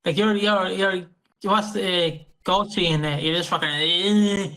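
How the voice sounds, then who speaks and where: A man co-hosting a casual podcast, rambling and excitable with heavy swearing. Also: sits high, moderate pace, low-quality recording. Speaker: podcast co-host.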